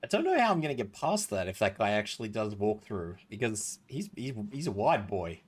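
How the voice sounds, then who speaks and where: A man streaming a quiet survival game live, often dropping his voice to a hushed whisper and restarting his sentences hesitantly. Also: lowish voice, sing-song, brisk, slightly rough. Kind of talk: live gameplay commentary.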